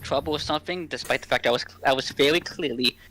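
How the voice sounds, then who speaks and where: A man's voice: mid-range voice, quick pace, fairly bright tone, rough recording. A man as a podcast guest, goofy and given to humming along. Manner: goofy, hums and sings along.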